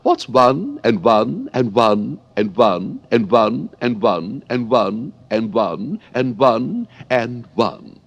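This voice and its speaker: A man's voice: mid-range voice, big pitch swings, slow pace, gravelly, hardly any pauses, dull audio, voice pushed up, heavily acted. A man reading an audiobook, voicing a feeble, muddled queen with a fussy, anxious quaver. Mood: dithering.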